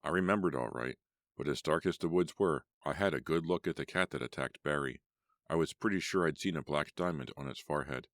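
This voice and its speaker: A man narrating a first-person horror audiobook in a measured storytelling manner. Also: rumbling low, dry recording, clean studio sound.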